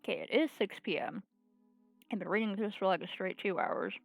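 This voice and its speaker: A woman's voice: mid-range voice, a little fast, vocal fry, no room sound, faint music behind. A woman streamer with a sore, scratchy throat, reading a visual novel aloud and then chatting casually and ramblingly.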